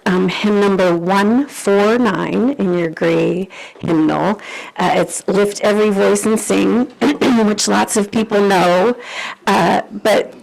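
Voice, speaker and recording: Brief: woman service leader, gravelly fry in her voice, easygoing and jokey. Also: mid-range voice, low-quality recording. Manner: relaxed, joking asides. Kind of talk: leading a worship service. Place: church service.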